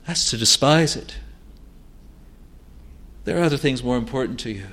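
A man preaching a sermon in an earnest, pleading way, swinging between loud urging and hushed low asides. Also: moderate pace.

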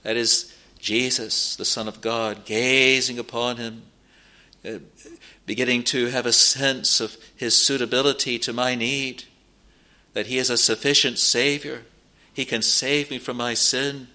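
Male preacher, mid-pitched and bright, earnest sermon delivery with slow emphatic stresses. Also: flat delivery. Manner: earnest, pleading with listeners, slow stressed phrases.

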